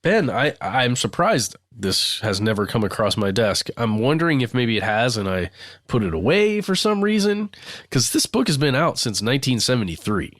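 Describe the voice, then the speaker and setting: A man's voice: mid-range voice, big pitch swings, moderate pace, fairly bright tone, no echo, clean studio sound. A man co-hosting a podcast, reading a listener's email aloud in a loose, chatty way with casual swearing. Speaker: podcast co-host.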